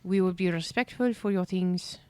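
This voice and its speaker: A woman's voice: on the low side, moderate pace, a little mellow, clear, resonant tone, natural voice. A woman voicing a stern city guard who speaks formally in a tabletop game. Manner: clipped, formal.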